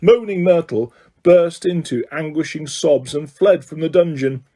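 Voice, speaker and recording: Male audiobook reader with a mellow voice. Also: on the high side, a little slow. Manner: slips and self-corrects, laughs. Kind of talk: amateur audiobook narration.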